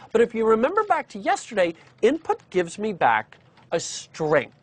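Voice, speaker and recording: Male coding instructor, live-stream lesson, animated pitch, dry close sound, chatty with lots of ums. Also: dry recording. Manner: chatty, with many fillers and restarts. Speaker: programming instructor.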